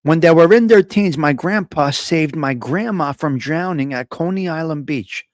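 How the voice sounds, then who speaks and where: A man's voice: fairly high pitch, moderate pace, no room sound, clean studio sound. A man hosting a casual live stream, chatting with viewers, teasing them and reading their comments aloud. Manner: chatty, laughs often, teasing, ad-libs.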